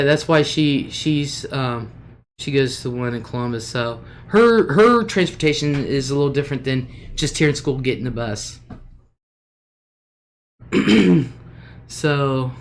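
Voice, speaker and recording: A middle-aged woman hosting a casual livestream, chatty and homey, greeting viewers by name and laughing often. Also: sits low. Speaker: livestream host.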